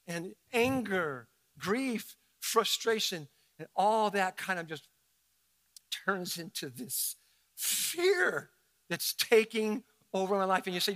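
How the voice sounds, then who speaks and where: A man, the pastor, preaching a sermon in an animated, conversational, dramatic way. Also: high-pitched, slow.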